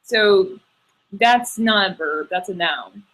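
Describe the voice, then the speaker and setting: A woman's voice: mid-range voice, slow pace, a bit bright, rough recording. A woman student in a Greek tutoring session, eager and checking her answers.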